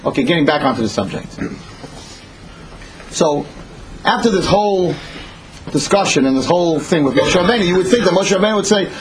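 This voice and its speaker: Man in his fifties, Torah teacher, lively storytelling, slightly higher voice, faint background noise. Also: fast talker, pauses often, poor audio. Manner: animated storytelling, swings between loud and hushed. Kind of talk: expressive Torah class.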